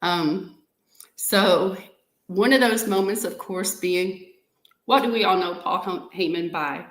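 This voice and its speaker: Speaking slowly in a fairly low register, this female podcast host chats with her viewers in a relaxed live-stream style, and the sound is reverberant. Her manner is friendly and talkative, with "y'all" coming up again and again.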